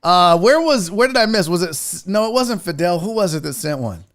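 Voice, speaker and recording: A man's voice: high-pitched, big pitch swings, fairly quick, a bit bright. Loose, profane man hosting a sports stream. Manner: loose, rambling, profane, chatting with viewers. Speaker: host of a live sports talk show. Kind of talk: casual live-stream chat.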